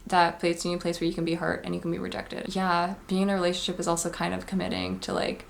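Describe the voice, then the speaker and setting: A young woman vlogger talks fast in a relaxed, confessional style, her slightly low voice carrying a noticeable gravelly fry. She rambles warmly and earnestly through advice, dropping "like" into nearly every thought. There's slight background noise.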